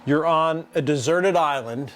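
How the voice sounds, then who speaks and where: Man rambling through a live stream. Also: fairly high pitch. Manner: rambling, halting explanations with many restarts. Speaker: pinstripe artist hosting a live stream. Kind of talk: casual live-stream chat while working.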